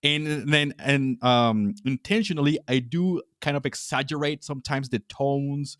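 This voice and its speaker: A man's voice: medium pitch, unhurried, a bit bright, dry recording, studio quality. A Latino man hosting a podcast interview, talking casually with frequent restarts and fillers. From Latin America. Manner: hesitant, many restarts and fillers. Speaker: podcast host.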